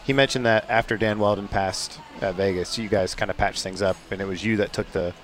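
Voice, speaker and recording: A male host asking casual, relaxed interview questions with plenty of fillers. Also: lowish voice, fairly quick.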